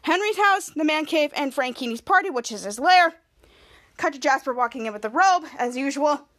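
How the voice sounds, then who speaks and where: A young woman hosting a podcast, eagerly recapping a TV episode and acting out the characters' lines. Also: moderate pace. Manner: energetic, acts out quoted lines with rising pitch. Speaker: podcast host.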